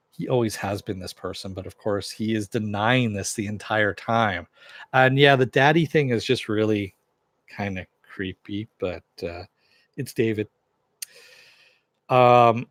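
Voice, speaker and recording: A man's voice: medium pitch, dry recording, studio quality. A man casually recapping and reviewing a TV episode, rambling with frequent "uh" and "you know" fillers.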